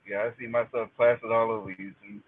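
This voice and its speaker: Husky man on a tinny call. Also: medium pitch, level tone, fairly quick. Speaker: guest on a live chat. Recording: tinny phone-like call audio.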